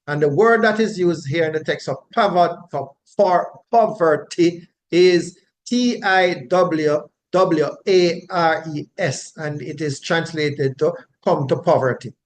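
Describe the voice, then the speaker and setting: A man's voice: on the high side, slight background noise. A man teaching the Bible verse by verse in an explanatory way, often checking in with his listeners. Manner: unhurried, explanatory, frequent tag questions.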